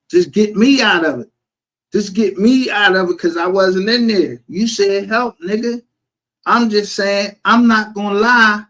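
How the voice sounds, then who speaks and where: A man's voice: high-pitched, fairly bright tone. A man streaming a casual, profane rant, heated and defensive.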